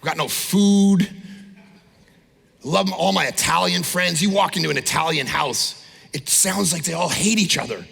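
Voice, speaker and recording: A man preaching an energetic sermon, his voice high and heavily gravelly. His tone is bright and husky. He pushes up into shouts and acts out the people he describes, and a long hall reverb trails each line. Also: normal speed. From Canada. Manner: animated, shouting peaks, mimics people. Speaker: pastor. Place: large church auditorium.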